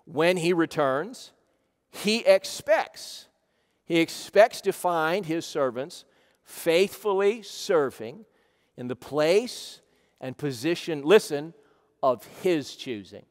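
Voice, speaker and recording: A man from Ohio, a pastor preaching a sermon emphatically, often saying "listen" and swinging between loud and soft. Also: a little high, animated, slow, in a large hall. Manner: emphatic preaching, repeating "listen", rising and dropping volume. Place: church sanctuary.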